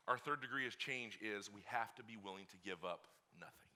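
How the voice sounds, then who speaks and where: A man preaching a sermon as pastor, telling a story in an animated way that swings from hushed to shouting. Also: fairly low pitch, a little fast, few pauses.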